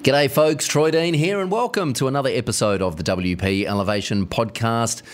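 A man's voice: mid-range voice, moderate pace, over music. A man hosting a podcast, chatting easily with a guest and often restarting with fillers. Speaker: podcast host. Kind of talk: conversational podcast interview.

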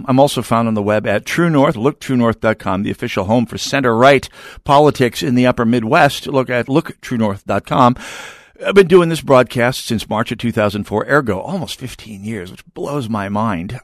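Middle-aged male radio host, easygoing banter, even middle pitch, dry booth sound. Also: no echo. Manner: chatty, joking, many uh fillers. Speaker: radio talk show host. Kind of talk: talk radio hosting. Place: radio studio.

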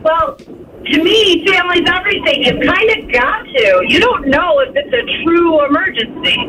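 High-voiced woman caller, noisy line. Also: sing-song, normal speed, pushed and bright. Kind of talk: phone-in chat. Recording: caller with background noise.

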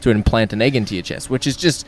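A man co-hosting a podcast, talking excitedly about monster designs and swearing casually. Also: medium pitch, fast. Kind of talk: casual film discussion.

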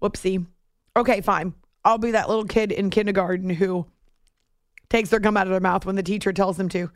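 A woman's voice: mid-range voice, fairly even intonation, fairly quick, no echo. A woman hosts a sports radio show after hours, chatting and joking at herself as she goes. Her voice is recorded dry and close at a studio mic. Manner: chatty, self-deprecating, laughs easily. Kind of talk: late-night sports radio talk. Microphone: studio microphone.

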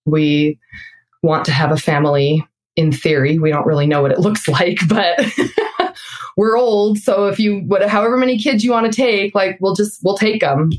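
A woman's voice: mid-range voice, moderate pace. A woman in her thirties, a guest in an interview, telling a family story with frequent laughter. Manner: lively retelling with frequent laughter. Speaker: interview guest, mother of six.

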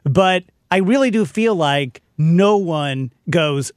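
Male talk radio host, high animated voice, playful and jokey, dry close sound. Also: smooth, no echo. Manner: playful, jokey, quick to laugh. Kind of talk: casual radio banter.

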